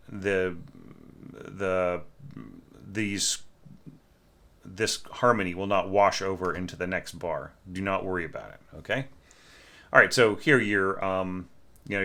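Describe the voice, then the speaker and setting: Bright-voiced man critiquing a score. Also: low voice. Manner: thinks aloud, sings lines with da-da. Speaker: orchestration teacher.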